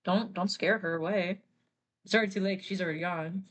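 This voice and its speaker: A laid-back young man casually tells his friends to calm down, played by a woman telling a comic story. He chides them in a relaxed way. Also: on the low side, brisk, close to an everyday voice. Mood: chiding. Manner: casual, chiding.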